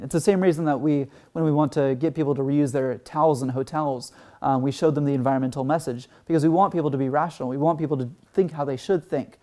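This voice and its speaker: A man's voice: on the high side, fairly even intonation, quick pace, mellow. A man from Texas giving an earnest conference talk, full of "um" and "like" fillers. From Texas, United States. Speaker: conference speaker.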